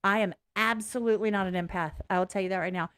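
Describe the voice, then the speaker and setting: A woman's voice: medium pitch, fairly even intonation, quick pace, a bit bright, clean tone. A woman talking frankly and bluntly as the host of a reaction video, rambling, swearing and interrupting herself. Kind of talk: casual personal commentary.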